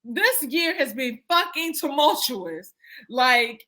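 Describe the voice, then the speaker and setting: A woman's voice: high voice, lively intonation, slow, sharp tone. A young woman as a podcast guest, talking casually and filling her speech with "like". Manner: chatty, frequent "like" fillers. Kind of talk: casual chat.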